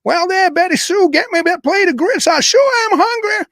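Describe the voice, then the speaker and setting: A man voicing a hungry Southern man as a joking ghost, in a mock Southern drawl far higher than his own voice. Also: animated, normal speed, a bit bright, no room sound, clean studio sound, exaggerated voice. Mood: hammy. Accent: mock American Southern drawl.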